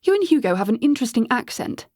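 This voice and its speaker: A woman reading the part of a formal, courteous young English gentleman from the 1920s in an audiobook. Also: on the high side, sing-song, fast talker, no room sound, clean studio sound. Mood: politely curious.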